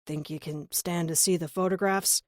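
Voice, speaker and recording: Lady doing a firm no-nonsense police captain, lowish voice, dry close mic. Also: steady tone, normal speed, dry recording, lightly acted. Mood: stern. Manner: firm and commanding. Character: gruff male police captain, stern but protective.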